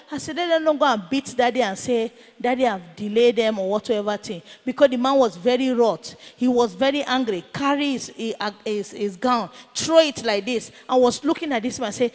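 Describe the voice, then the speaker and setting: Woman minister, high voice, sermon storytelling with acted quotes, long hall reverb. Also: a little fast. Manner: retells a confrontation, voicing each speaker in turn.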